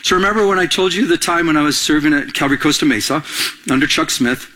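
A middle-aged man preaching a sermon as a pastor, animated and conversational, often asking the congregation questions. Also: fairly high pitch, fast talker.

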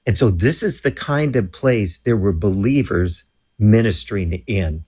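Husky-voiced man telling a vivid story. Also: on the low side, measured pace. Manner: animated storyteller who acts out quoted voices. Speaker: guest. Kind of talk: storytelling in an interview.

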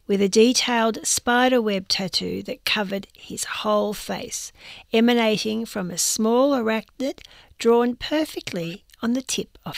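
Gravelly woman reading a wry column. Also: mid-range voice, dry recording. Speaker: reader of magazine columns. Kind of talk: reading a first-person column aloud.

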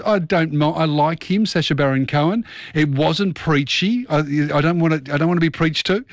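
A man's voice: a little high, animated, normal speed, no echo, clean studio sound. A man hosting a radio show, chatting loosely and rambling through his thoughts. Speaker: radio host. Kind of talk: casual radio chat.

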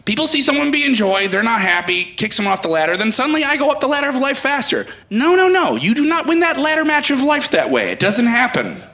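A man doing a stand-up comedy set on a club stage, ranting loudly with lots of animation. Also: very high-pitched, sing-song, fast, hardly any pauses.

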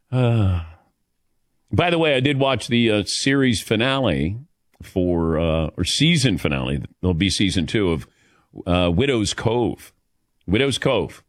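A middle-aged man from the Midwest hosts sports talk radio with an animated, swinging delivery. He tells stories and banters with his co-hosts, laughing easily. The sound is dry and close. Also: medium pitch, no echo. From American Midwest. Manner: chatty storyteller, laughs easily, calls on co-hosts by name. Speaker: radio show host.

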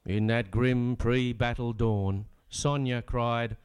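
A man's voice: medium pitch, lively intonation, a little slow, smooth. An Australian man performing a comic rhyming ballad on stage, with dry, sardonic spoken asides between rollicking rhymed verses.

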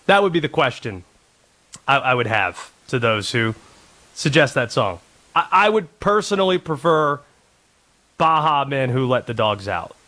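A man's voice: mid-range voice, big pitch swings, unhurried, pauses often, sharp tone. A man in his thirties hosting casual sports talk radio, sarcastic and rambling.

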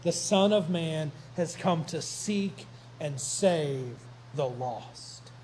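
A man's voice: on the high side, expressive, extremely slow, a little mellow, a little hiss or hum. A man preaching, voicing a teacher who solemnly answers the grumblers.

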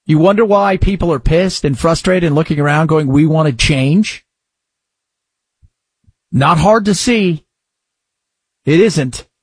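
A man's voice: on the high side, unhurried, long pauses, breathy edge, no echo. A man hosting a talk radio show, ranting with sarcasm and exasperation, then reading ads in the same voice. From United States. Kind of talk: opinionated talk radio monologue and host-read ads.

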